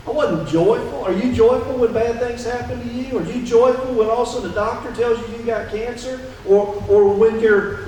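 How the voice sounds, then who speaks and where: A man's voice: very high voice, slight background noise. A man preaching a sermon as pastor, talking conversationally and often asking the congregation questions. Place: church sanctuary. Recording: echoey church hall from a distance.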